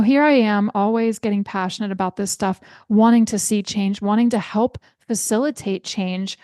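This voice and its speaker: A woman's voice: on the high side, dark tone, no echo, clean studio sound. A middle-aged woman hosting a solo podcast, telling a story with passion and building to emphatic, repeated calls for change. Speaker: podcast host.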